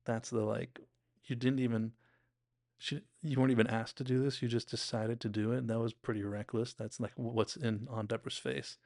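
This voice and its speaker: A man's voice: mid-range voice, little pitch movement, brisk, vocal fry, a little mellow. A young man casually retelling and analysing a TV episode, rambling with fillers and restarts. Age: young adult. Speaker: show recap host.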